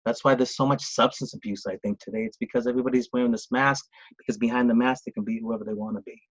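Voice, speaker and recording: A man's voice: mid-range voice, steady tone, quick pace, slightly rough, dry recording. Rambling Boston man on a dull line. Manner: rambling, frequent restarts and "it's like". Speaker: guest, grief coach and author. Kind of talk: casual conversational interview.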